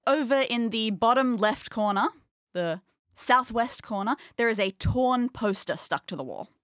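A woman narrating a tabletop game as game master in the second person, lively and wry. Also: on the high side, measured pace, clean tone, dry recording, clean studio sound.

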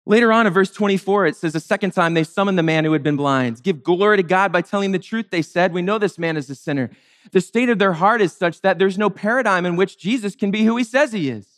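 A man's voice: high-pitched, fast, a bit bright. A man preaching a sermon in a conversational, wry way, sometimes acting out the people in the story in playful voices. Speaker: pastor.

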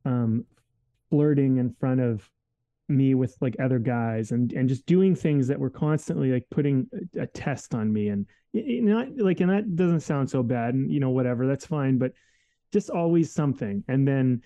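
A man's voice: mid-range voice, moderate pace, dark tone. A man telling a personal story in a casual, reflective way, candid and full of fillers and restarts.

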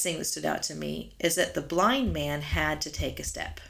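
Low, gravelly-voiced woman teaching. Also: normal speed, hardly any pauses, fairly bright tone, a little hiss or hum. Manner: earnest, asks rhetorical questions. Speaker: guest speaker. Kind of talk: devotional Bible teaching.

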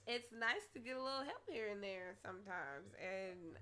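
A woman's voice: medium pitch, animated, normal speed, pushed and bright. A woman co-hosting a podcast in casual chat, blunt and profane, often breaking into laughter. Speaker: podcast co-host.

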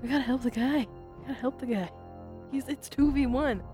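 A woman's voice: high voice, fairly quick, warm tone, soft background music. A woman playing in a tabletop game, speaking up eagerly and insistently. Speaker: player. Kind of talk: casual tabletop game chat.

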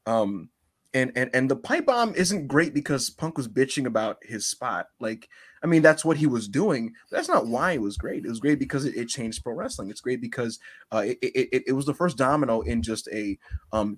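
A man co-hosting a podcast, talking casually and animatedly, sometimes mocking shouted promos in a high strained voice. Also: slightly rough. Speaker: podcast co-host. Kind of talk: casual chat.

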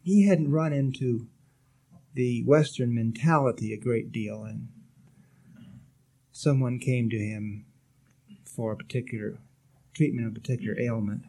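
A man giving a sermon as a spiritual teacher, gently exhorting his listeners with light touches of humor. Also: medium pitch, creaky.

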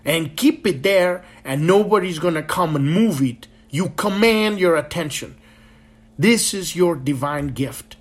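A man's voice: fairly high pitch, animated, unhurried. A man hosting a spiritual podcast, talking in a passionate, rambling monologue full of swearing. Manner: profane, impassioned and rambling. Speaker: podcast host.

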